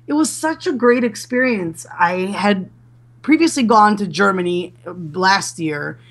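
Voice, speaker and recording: A woman's voice: mid-range voice, lively intonation, measured pace, fairly bright tone. A woman chatting as an interview guest, with many restarts and fillers. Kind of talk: casual interview chat.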